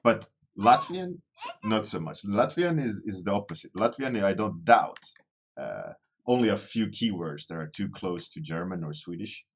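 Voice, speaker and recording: Low-voiced man chatting with his stream. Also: very animated, moderate pace. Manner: rambling and self-deprecating, restarting phrases as he thinks aloud. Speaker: artist streaming a daily warmup. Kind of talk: casual livestream chat with viewers.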